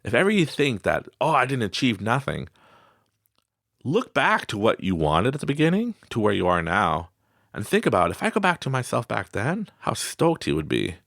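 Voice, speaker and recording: A man's voice: medium pitch, huge pitch swings, normal speed, vocal fry, a bit bright, no room sound. A man hosting a motivational podcast in a studio, talking casually, laughing often and acting out the voices he quotes. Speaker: podcast host.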